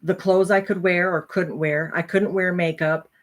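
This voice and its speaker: Woman vlogger, lowish voice, earnest and halting; candid personal talk. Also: steady tone. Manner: earnest, halting, with frequent pauses. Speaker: vlogger sharing a personal story.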